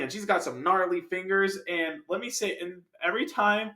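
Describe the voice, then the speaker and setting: Bright, rambling man reviewing a film. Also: sits high, moderate pace, echoey room. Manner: rambling, jokey, sidetracked asides.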